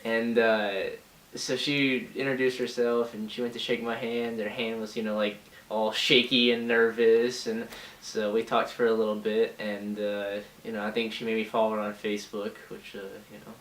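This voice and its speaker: A man's voice: lowish voice, flat delivery, normal speed, fairly bright tone. A man in his twenties telling a casual storytime in a laid-back, teasing way, full of fillers like "you know" and "uh". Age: 20s. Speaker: vlogger. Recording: roomy sound, distant mic, faint hiss.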